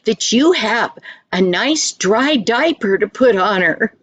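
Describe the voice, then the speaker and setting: An older woman voicing a jolly, kindly uncle in a children's story, speaking gently and slowly with a teasing manner. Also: fairly high pitch, animated, husky, no room sound, heavily acted. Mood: amused.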